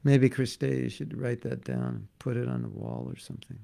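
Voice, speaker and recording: Guy giving a laid back spiritual class, super gravelly, lots of jokes. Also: mid-range voice, steady tone, moderate pace, mellow. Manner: joking, conversational, repeats for emphasis. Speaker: spiritual teacher. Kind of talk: casual devotional class.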